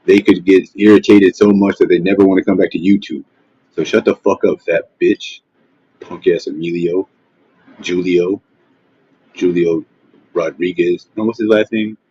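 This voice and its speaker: A man with a deep, husky voice rants on a casual livestream, cursing and mocking as he rambles. The sound is dull and lo-fi, recorded dry and close. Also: steady tone, normal speed, dark tone. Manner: profane, mocking, trash-talking. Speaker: livestream host. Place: at home, face not shown. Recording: dull, dry lo-fi stream audio.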